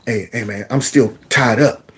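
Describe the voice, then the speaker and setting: A man voicing an easygoing male coworker, a teacher asking a favor in a low, offhand way. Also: unhurried, breathy edge.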